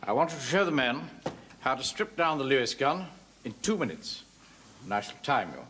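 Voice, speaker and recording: Pompous middle-aged captain, lively delivery, hissy old TV sound. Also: male voice, mid-range voice, a little fast. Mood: commanding. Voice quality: pompous, blustering. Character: pompous, self-important middle-aged male platoon captain. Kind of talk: 1970s sitcom acting.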